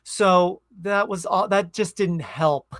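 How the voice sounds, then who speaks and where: A man's voice: sits high, slow, a bit bright, no room sound, studio quality. A man co-hosting a movie podcast, chatting casually and rambling with lots of asides. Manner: rambling, self-interrupting, trailing asides. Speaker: podcast co-host. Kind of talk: casual movie review chat.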